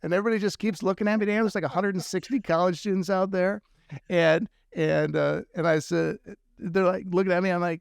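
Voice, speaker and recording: Animated storytelling man, dry sound. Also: sits high, creaky, dry recording. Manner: lively, animated storyteller with quick asides and laughs. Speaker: podcast host. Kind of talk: casual storytelling chat.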